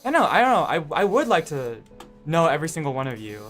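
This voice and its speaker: Rambling young man streaming, soft music behind. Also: on the high side, very animated, fast. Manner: rambling, hesitant, many fillers and restarts. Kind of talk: casual live-stream chat with viewers.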